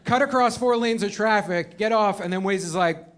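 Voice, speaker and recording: A man in his thirties doing a profane stand-up comedy set, acting out characters in an animated way. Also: high voice, a little fast, hardly any pauses, slight background noise. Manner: animated, profane, acts out voices. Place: comedy show with live audience.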